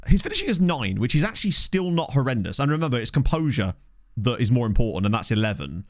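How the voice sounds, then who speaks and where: Male streamer, casual chat, animated voice, dry close mic. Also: mid-range voice, fast talker, dry recording. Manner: chatty, reads chat aloud, excitable reactions to match play. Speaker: streamer playing a football management game. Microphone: desk microphone.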